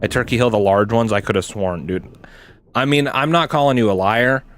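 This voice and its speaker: A man's voice: mid-range voice, brisk. A young man, chatting casually while he plays a game, rambling and swearing, with lots of "like" and "dude". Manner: rambling, swears a lot, says "like" and "dude" often. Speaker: gaming streamer. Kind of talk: casual gameplay chat.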